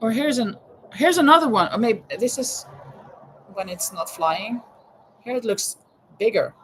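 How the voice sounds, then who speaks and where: Giggly, high-voiced woman hosting a live chat. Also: lively intonation, a little slow, a little hiss or hum, poor audio. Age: 50s. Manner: giggly, laughs often; exclamatory, frequent "oh my goodness". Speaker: livestream host running a quiz.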